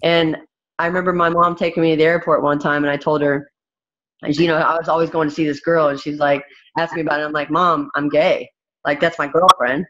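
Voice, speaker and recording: A woman's voice: low voice, level tone, fast. A woman in her thirties, a fighter as interview guest, talking candidly in a blunt, emphatic way with many restarts. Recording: dull, muffled recording.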